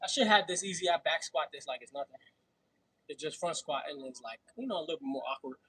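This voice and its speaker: Casting: slangy New York man in his thirties, husky, a bit higher-pitched, loose livestream banter. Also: lively intonation, fast, bright, forceful tone, low-quality recording. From Brooklyn, New York. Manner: slangy, laughing, chatty between sets. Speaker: fitness livestream host. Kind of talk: casual livestream chat while working out.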